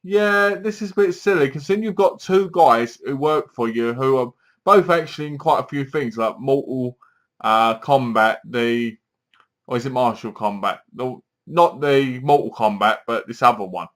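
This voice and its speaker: Man, middle pitch, casual film reviewer who rambles and acts out scenes. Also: moderate pace, fairly bright tone. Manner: rambling, acts out the characters' lines.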